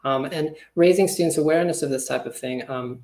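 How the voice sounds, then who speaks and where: A man who trains teachers, giving an online webinar presentation in a relaxed, conversational way with a lot of hedging. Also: on the high side, fairly quick. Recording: roomy echo.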